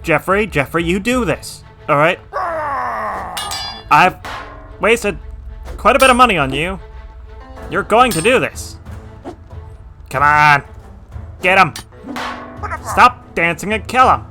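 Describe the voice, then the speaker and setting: A man commenting casually on a strategy game he is playing, mostly reserved and dry, with sudden excited shouts during battles. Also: sits high, slow, long pauses, soft background music. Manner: dry, self-described reserved, bursts into excited yelling at battles; talks to his game units by name. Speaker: gameplay commentator.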